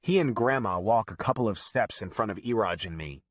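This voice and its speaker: A man reads a memoir aloud, his pitch rising and falling in an animated storytelling way. The sound is dry and close-miked, with no room around it. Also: fairly quick, no room sound. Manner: lively, storytelling. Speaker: audiobook narrator. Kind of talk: scripted narration.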